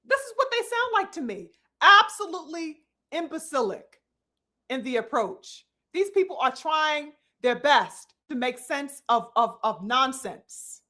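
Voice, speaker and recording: High, bright-voiced woman preaching emphatically. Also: big pitch swings, a little slow. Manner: preachy, emphatic, profane, addresses "brothers and sisters". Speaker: commentary host. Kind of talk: impassioned live commentary.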